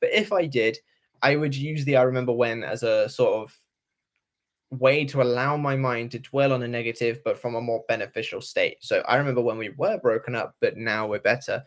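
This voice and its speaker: A man hosting a live Q and A stream as a coach, explaining in a relaxed, casual way with fillers. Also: mid-range voice, brisk.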